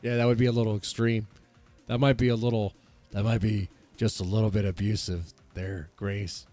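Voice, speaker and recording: A man's voice: on the low side, level tone, normal speed, dark tone, faint music behind. A man co-hosting a livestream who mostly adds short agreeing remarks and laughs along. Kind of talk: casual livestream chat.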